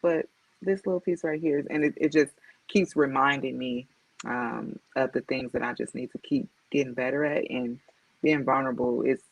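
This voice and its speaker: A woman's voice: a bass voice, fairly even intonation, moderate pace, gravelly, slightly rough, no echo. A woman guest talking candidly and reflectively on a podcast, speaking directly and acting out the voices she quotes. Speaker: guest author and motivational speaker. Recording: dull lo-fi dry sound.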